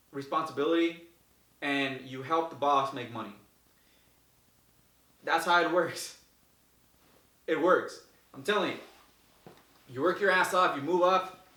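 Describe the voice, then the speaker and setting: A man giving casual, energetic advice to viewers as host, repeating himself and acting out the people in his stories. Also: fairly high pitch. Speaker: host answering viewer questions. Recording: echoey room, mic far off.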